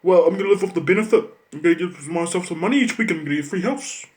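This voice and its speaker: A man's voice: high-pitched, racing, darkish tone, natural voice. A man putting on the voice of a lazy schoolkid in a dopey, drawling mockery. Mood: mocking. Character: mocked lazy schoolkid planning to live on welfare.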